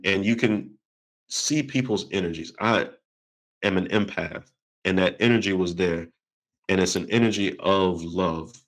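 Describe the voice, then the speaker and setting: A man hosting an interview, telling a story in a lively, conversational way and acting out the quoted voices. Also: deep voice, poor audio. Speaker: podcast host.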